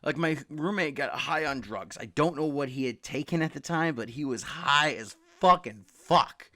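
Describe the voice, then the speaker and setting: Man, comic book podcast host, casual rambling rant, bright voice, lots of swearing. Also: on the high side, lively intonation, moderate pace. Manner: rambling, swears freely, acts out quotes loudly.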